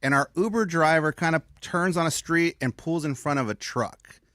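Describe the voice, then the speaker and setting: A man co-hosting a radio show, telling stories in an animated way, acting out the people in them. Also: on the high side, moderate pace, no echo, studio quality. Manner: animated storyteller, acts out voices and laughs. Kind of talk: casual studio storytelling. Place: radio studio.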